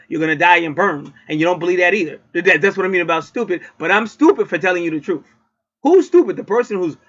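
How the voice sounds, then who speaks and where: Cursing freely, a male astrologer and card reader delivers a casual, blunt, preachy astrology reading. His voice sits on the high side, pushed and bright, captured in a dull lo-fi recording.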